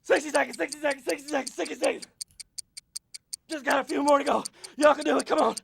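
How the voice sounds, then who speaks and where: An actor playing a peppy cartoon football coach who hollers pushy pep talks while leading an exercise break. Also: male voice, very high voice, steady tone, fast, vocal fry, fairly bright tone, full character voice. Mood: pumped.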